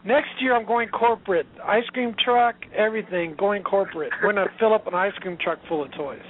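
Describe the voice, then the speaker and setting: A man who is a guest on a call-in radio show, telling animated stories and acting out quotes. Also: sits high, fairly quick. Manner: animated storyteller, acts out quotes. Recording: phone-like line.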